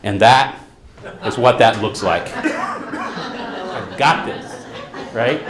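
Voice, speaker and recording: An echoey conference hall carries the mid-range voice of a middle-aged therapist giving a talk. He spins stories in an animated way, performing the quotes himself.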